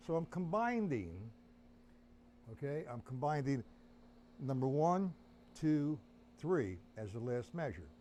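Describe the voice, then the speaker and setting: A man's voice: medium pitch, sing-song, measured pace, pauses often, dark tone, a little hiss or hum. Man counting beats in a drum lesson. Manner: counts beats aloud while playing; chatty, addresses viewers as guys. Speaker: drum teacher. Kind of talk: live-streamed drum lesson.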